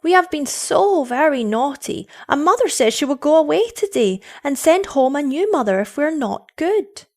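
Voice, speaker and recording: A woman voicing a pair of eager young children, pleading in breathless, high-pitched tones. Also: very animated, normal speed, hardly any pauses.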